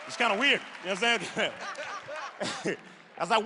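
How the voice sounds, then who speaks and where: Young guy doing stand-up, really high bright voice, lively delivery, echoey big theater. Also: moderate pace, long pauses, slight background noise. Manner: animated, storytelling with voices. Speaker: stand-up comedian. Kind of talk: stand-up comedy. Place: large theater stage.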